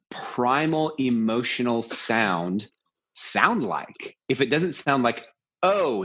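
A man's voice: medium pitch, fairly bright tone, husky. A man in casual discussion, talking with animation and acting out lines with emphasis.

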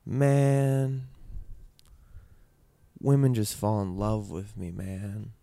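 A man's voice: fairly low pitch, steady tone, drawn-out words, vocal fry, dark tone, no room sound, heavily acted. A man imitating a strung-out, boastful father with a lazy, arrogant drawl. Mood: smug.

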